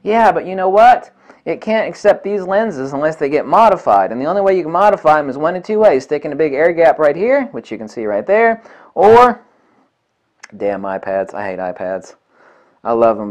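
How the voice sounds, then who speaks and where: A man reviewing camera lenses in a vlog, blunt and combative, swearing often and repeating points for emphasis. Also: on the high side. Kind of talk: ranting product review vlog.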